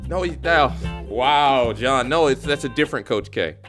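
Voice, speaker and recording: A man hosting a comedic podcast, talking in an animated, jokey way. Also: mid-range voice, normal speed, soft background music. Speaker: host.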